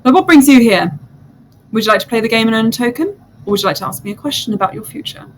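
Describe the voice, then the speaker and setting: Woman doing a hushed, flattering diviner; grand, soft-spoken. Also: fairly high pitch, quick pace, slight background noise, lightly acted, poor audio. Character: mysterious diviner who senses magic.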